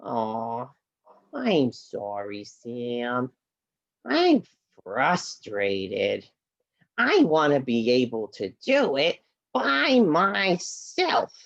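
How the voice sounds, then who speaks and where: A woman's voice: rumbling low, huge pitch swings, no echo, dull audio, heavily acted. A woman voicing a frustrated male hoofed puppet with floppy felt hooves, whiny and sighing. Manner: whiny, sighing, slow and mopey. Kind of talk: puppet play acting. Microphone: laptop video call.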